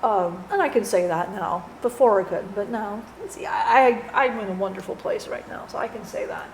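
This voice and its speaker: A woman channeling a departed friend, telling her story in an earnest, halting way with many restarts. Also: mid-range voice. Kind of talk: spiritual channeling testimony. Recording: roomy echo, faint background noise.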